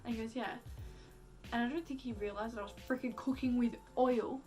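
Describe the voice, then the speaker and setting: A woman's voice: a little high, steady tone, quick pace, warm tone, faint music behind. A young woman telling a story casually, full of "like" fillers and acted-out quotes, with casual swearing. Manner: chatty, heavy use of "like" fillers. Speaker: vlogger.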